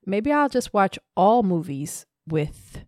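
A woman co-hosting a podcast, chatting in a relaxed way and laughing easily. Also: medium pitch, slow pace, no room sound, clean studio sound. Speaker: podcast co-host. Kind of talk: casual chat.

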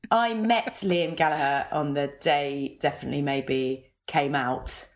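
A woman's voice: deep voice, measured pace. A woman guesting on a comedy podcast, telling wry, self-deprecating stories. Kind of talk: casual comedy podcast chat.

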